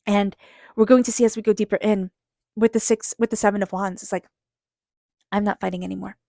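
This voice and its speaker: A woman giving a casual tarot reading, chatty and expressive, acting out little reactions in between. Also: medium pitch, a little fast, vocal fry, no echo, studio quality. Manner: soft repeated chanting invocation. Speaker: tarot reader.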